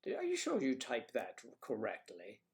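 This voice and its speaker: A man's voice: medium pitch, wildly swooping pitch, moderate pace, vocal fry, a little mellow. A man hosting a casual livestream, chatting and telling rambling stories. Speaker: livestream host.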